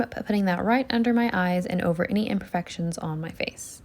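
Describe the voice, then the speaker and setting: A woman narrating a makeup tutorial voiceover step by step in a relaxed way. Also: mid-range voice, a little fast, hardly any pauses. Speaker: beauty vlogger.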